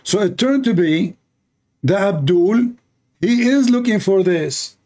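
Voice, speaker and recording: A man's voice: high voice, expressive, takes it slowly, mellow. A man answering viewer questions in a casual monologue, sarcastic and mocking, speaking English with non-native grammar. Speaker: online commentator answering questions.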